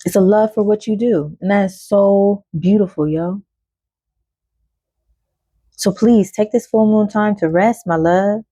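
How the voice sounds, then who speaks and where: Chatty lady doing a card reading, mellow voice, dry close sound, laughs and swears a lot. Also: on the low side, no room sound. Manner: loose, chatty, laughs often and swears casually. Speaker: oracle card reader. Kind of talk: casual spiritual card reading.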